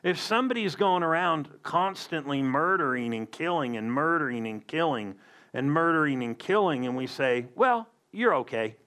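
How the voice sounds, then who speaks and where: A man's voice: fairly high pitch, animated, moderate pace, sharp tone. A man preaching a sermon as a pastor, emphatic with conversational asides.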